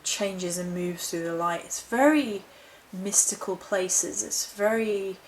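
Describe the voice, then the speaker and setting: A woman's medium-pitched voice moves at a slow pace as she vlogs about a haul of witchcraft supplies, chatting loosely, backtracking and reading from a book's notes. There's slight background noise and the audio quality is poor.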